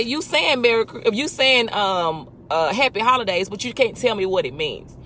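A woman's voice: a little high, big pitch swings, moderate pace, a bit bright. A woman hosting a casual faith talk, emphatic and full of rhetorical questions. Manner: emphatic, rhetorical questions, talks back to imagined people. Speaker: host.

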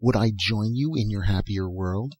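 A man reading aloud and voicing a gentle, mournful young woman from a dream world, speaking tenderly and softly. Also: on the low side, normal speed, slightly rough, no echo. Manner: tender, soft-spoken pleading.

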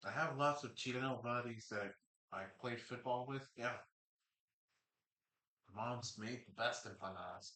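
A man's voice: medium pitch, unhurried, pauses often, pushed and bright, reverberant. A man chatting casually and rambling through a live game reaction while he eats. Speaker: live sports reaction streamer.

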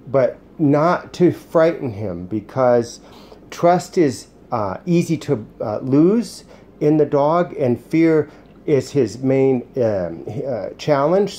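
A man who sits and trains dogs, explaining casually at home. He alternates soft, soothing praise with short, firm commands. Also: medium pitch. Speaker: dog sitter and trainer. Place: indoors at home.

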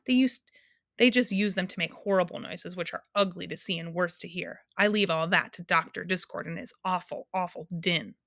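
A woman voicing a wistful, stubborn female sound keeper who is quick to scold. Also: fairly low pitch, vocal fry, a bit bright, no room sound, clean studio sound.

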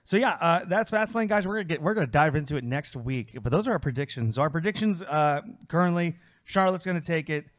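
A man's voice: fairly high pitch, animated, fast, hardly any pauses, a bit bright. A man co-hosting a wrestling talk show in casual chat, upbeat and enthusiastic, with frequent fillers.

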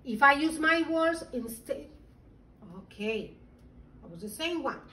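A woman teacher with a high, bright voice reads a feelings lesson aloud to small children. She is animated and acts out the children's moods as she goes. The sound is roomy and a little distant, with faint background noise. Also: measured pace. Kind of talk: reading a social-emotional lesson to young children. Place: classroom.

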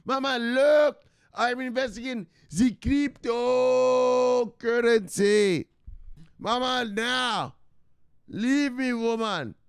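A man voicing a whiny grown son hooked on crypto, pleading with his mother in a drawn-out way. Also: very high voice, smooth, no echo, clean studio sound, voice pushed up, heavily acted.

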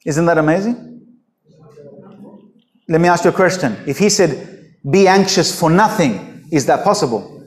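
A man's voice: a little high, lively intonation, normal speed, long pauses. A man preaching a sermon as pastor, emphatic and full of rhetorical questions to the congregation. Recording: echoey hall.

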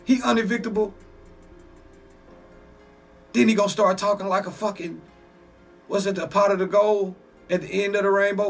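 A man hosting a reaction video, talking casually, excitable and profane, exclaiming often. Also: sits high, moderate pace, long pauses, soft background music.

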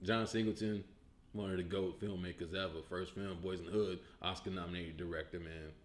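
A man from Illinois, a comedian hosting his own show, ranting about a movie in a loud, profane, incredulous way, breaking into laughs. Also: low voice, steady tone, a little fast, echoey room. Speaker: comedian host. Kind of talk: animated comedic movie rant.

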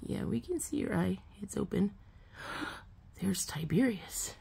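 A woman's voice: medium pitch, expressive, slow, gravelly, a little mellow, breathy edge, whispered. A woman filming her cats on a phone, chatting to them affectionately in a casual pet vlog. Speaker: vlogger.

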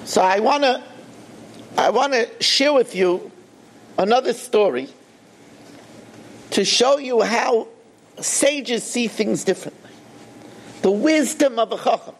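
Man, rabbi, sermon storytelling, very high gravelly voice, animated swoops. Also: slow, pauses often, slight background noise.

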